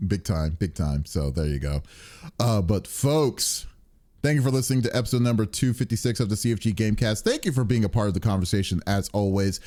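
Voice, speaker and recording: A man's voice: on the low side, lively intonation, fast, dark tone. A man co-hosting a casual gaming podcast who rambles, restarting sentences often with lots of filler. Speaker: podcast co-host.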